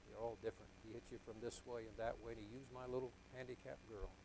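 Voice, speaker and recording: A man's voice: mid-range voice, little pitch movement, fast, vocal fry, background noise. Emotional older man preaching a sermon. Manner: emotional, confessional storytelling that swings from hushed to loud.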